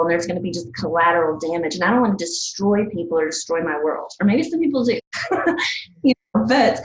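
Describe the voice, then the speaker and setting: A woman's voice: medium pitch, echoey room, slight background noise, low-quality recording. A woman from the American South, an herbalist teacher, speaking in an earnest, reflective way and often laughing and acting out little bits of dialogue. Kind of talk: reflective casual talk.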